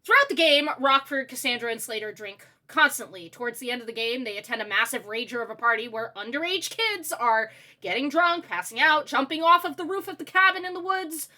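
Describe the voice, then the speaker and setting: A woman ranting through a video game review, exasperated, sarcastic and animated. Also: high-pitched, fairly quick, hardly any pauses.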